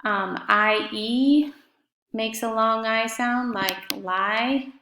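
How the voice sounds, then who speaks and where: A woman's voice: a little high, very slow, pushed and bright, a little hiss or hum. A woman teaching a fifth grade class in a recorded remote lesson, speaking patiently and spelling out words letter by letter. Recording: echoey room.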